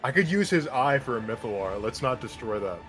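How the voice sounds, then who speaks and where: A man's voice: mid-range voice, lively intonation, a little fast, a bit bright, soft background music, low-quality recording. Joking man playing a tabletop game. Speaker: player. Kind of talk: casual tabletop play.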